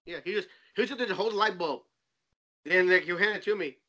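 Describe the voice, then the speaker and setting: High, bright-voiced laughing man. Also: fairly quick. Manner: animated, laughing storyteller. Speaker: co-host. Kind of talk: casual podcast chat.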